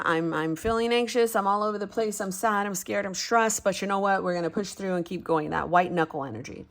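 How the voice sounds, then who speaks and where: A woman in her thirties talks through her planner setup in a loose, rambling way. Her voice sits fairly low, and she is frank about her struggles and drops a casual swear here and there. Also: a little fast, hardly any pauses, fairly bright tone. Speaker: planner vlogger. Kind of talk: casual chat about journaling.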